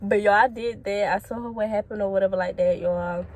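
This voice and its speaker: A woman's voice: medium pitch, brisk, slight background noise. A young woman telling a casual, profane story about quitting a job, talking straight to her viewers. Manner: blunt, profane, animated, talks straight to viewers. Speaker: storytime vlogger.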